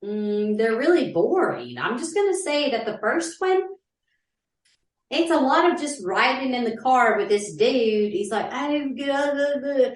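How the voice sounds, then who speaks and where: A woman, co-hosting a casual podcast, blunt and animated. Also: unhurried, reverberant, distant mic. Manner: animated, swinging pitch, blunt and profane. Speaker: podcast co-host. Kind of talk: casual chat.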